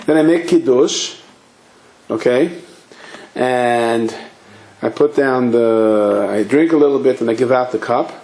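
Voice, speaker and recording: A man, a rabbi, giving a sermon with animated storytelling and acted-out dialogue. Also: medium pitch, moderate pace. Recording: echoey room, faint ambience.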